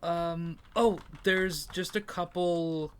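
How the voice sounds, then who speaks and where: A man's voice: fairly high pitch, fairly even intonation, slow, fairly bright tone, smooth. A man co-hosting a casual movie review podcast, talking with enthusiasm, swearing casually and trailing off mid-sentence. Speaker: podcast co-host.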